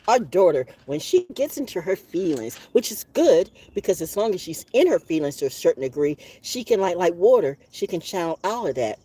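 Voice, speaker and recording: A woman telling a long story outdoors in a casual vlog monologue, profane and animated, laughing now and then and coughing from allergies. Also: deep voice, husky. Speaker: vlogger.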